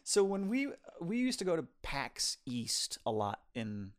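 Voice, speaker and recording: A man's voice: fairly high pitch, unhurried. Guy hosting a movie podcast, voice bounces all over, loose chatty storytelling. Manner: rambling storyteller, lively and chatty. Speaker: podcast co-host reviewing films. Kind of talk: casual chat.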